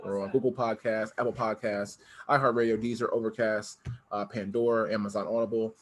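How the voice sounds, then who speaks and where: A man's voice: fairly low pitch, level tone, brisk. A man co-hosting a podcast, chatting casually and joking, often restarting his sentences. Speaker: podcast co-host. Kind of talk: casual chat.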